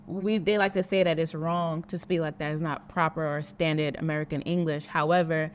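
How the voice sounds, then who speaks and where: A woman with a Brooklyn accent chats casually outdoors, telling stories with animation and slipping into quoted voices. Her voice sits somewhat low. Faint street ambience hangs behind her. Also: steady tone, a little fast, slight background noise. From Brooklyn, New York. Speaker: actress and guest. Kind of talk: casual conversation.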